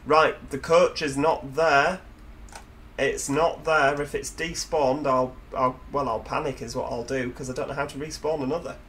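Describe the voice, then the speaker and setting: A man with a Yorkshire accent talks his way through a driving game in a loose, jokey style, mid-pitched and full of self-mocking asides. A faint hiss of background noise runs under his voice. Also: fairly even intonation, normal speed, a bit bright. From Yorkshire, England. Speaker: gaming video host. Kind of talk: casual gameplay commentary.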